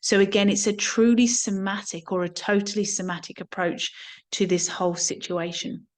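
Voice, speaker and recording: A woman gives a reflective talk on somatic awareness, her voice sitting at an ordinary middle pitch. She speaks earnestly and doubles back on words now and then as she gathers her thoughts. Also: fairly even intonation, moderate pace. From England. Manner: earnest, repeats words while thinking. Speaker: somatics teacher.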